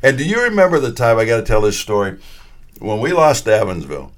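A man telling old stories in a casual chat, acting out quotes with sudden loud bursts. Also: medium pitch, quick pace. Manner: animated, acts out quotes with sudden loud outbursts. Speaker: former radio announcer.

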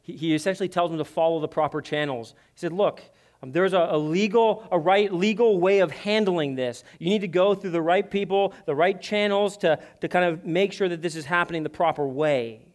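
Guy w a high voice giving a sermon, earnest and chatty, keeps restarting words. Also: fairly quick. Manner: earnest, conversational preaching with repeated restarts. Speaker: pastor.

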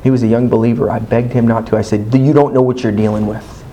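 A man preaching a sermon, telling a personal story in an animated, candid, self-mocking way and acting out his own past dialogue. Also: mid-range voice, fast, a little hiss or hum, rough recording.

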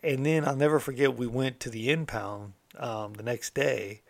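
A man's voice: mid-range voice, normal speed, gravelly, no room sound. A middle-aged American man casually recounting his past, candid and streetwise, swearing freely as a motivational host. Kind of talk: casual storytelling monologue.

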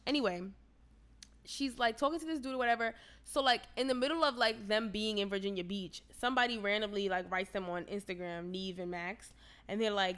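A woman's voice: mid-range voice, a little fast. Woman telling a wild story, cussing, voice jumps up when she gets mad. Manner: animated, profane, gets loud and indignant retelling. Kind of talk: casual storytelling chat.

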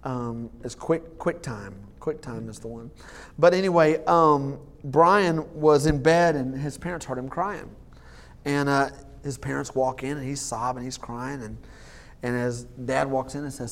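A man preaching a sermon as lead pastor, joking and laughing at his own jokes, halting with many fillers and restarts. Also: mid-range voice, fairly even intonation.

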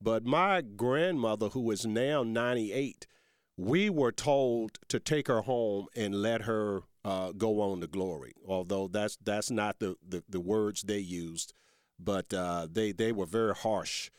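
A man's voice: on the low side, unhurried, clear, resonant tone, no echo, clean studio sound. A man hosting a talk radio show, folksy and rambling, calling his listeners folks and growing emphatic and heated as he argues.

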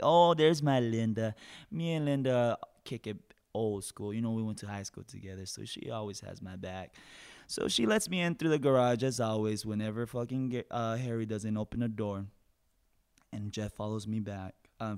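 A man's voice: on the low side, expressive, moderate pace, creaky, clean tone. A man playing a foul-mouthed, ranting factory worker. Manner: profane ranting, bursts into shouting. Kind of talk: improvised comic storytelling in character.

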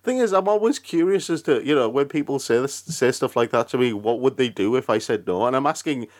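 A man's voice: medium pitch, a little fast. A man with a Northern English accent, co-hosting a casual podcast and telling stories with frequent laughter. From north of England. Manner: animated storyteller, laughs often. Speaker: podcast co-host. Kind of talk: casual chat.

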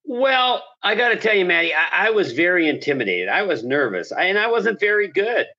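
A man's voice: high-pitched, big pitch swings, a little fast, sharp tone, dull audio. A man who was a hockey color analyst, telling a long story as an interview guest, enthusiastic and rambling with restarts.

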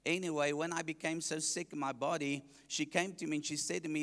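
South African evangelist in a reverberant hall. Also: male voice, on the high side, little pitch movement, fairly quick, few pauses, a bit bright. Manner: joking, asks the congregation questions. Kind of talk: testimony preached to a congregation.

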